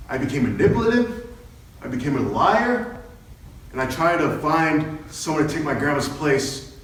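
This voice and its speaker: Heard from a distance in a strongly echoing meeting hall, with slight hiss or hum, a young man whose voice sits on the high side earnestly recounts his personal story to a meeting. He quotes his own words and those of others along the way.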